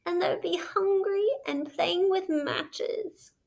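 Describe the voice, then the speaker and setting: A pitiful, wheedling male toad pleads through sobs in a high, strained voice for a storybook read-aloud, as a woman puts him on. The voice is pitched far above a plain speaking voice and grates with a gravelly edge. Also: a little slow, full character voice. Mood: pleading. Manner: sobbing, pleading.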